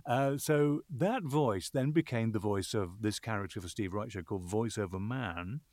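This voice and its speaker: A voiceover artist answering interview questions, thoughtful and expansive with self-deprecating humor. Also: male voice, lowish voice, normal speed, darkish tone, no room sound.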